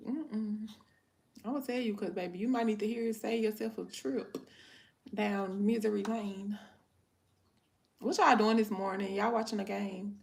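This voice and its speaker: A woman's voice: mid-range voice, gravelly. A woman hosting a casual livestream chat, talking frankly in slangy speech and laughing often as she tells her viewers about her life. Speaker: livestream host chatting with viewers; mother.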